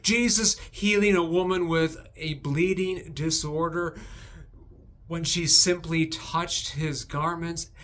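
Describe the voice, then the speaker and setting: A man hosting a devotional video, recapping Bible passages with animated, emphatic storytelling. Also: a little high.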